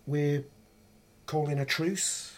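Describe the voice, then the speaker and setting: A man's voice: a little high, steady tone, slow. An actor playing a hesitant, well-meaning man in a radio drama. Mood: awkward. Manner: hesitant, awkward.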